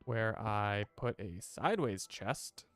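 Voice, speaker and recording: A man's voice: lowish voice, animated, slow pace, fairly bright tone, no echo, faint music behind. A man streaming a game, chatting casually to his viewers and rambling as he plays. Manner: rambling, chatty, talks to chat.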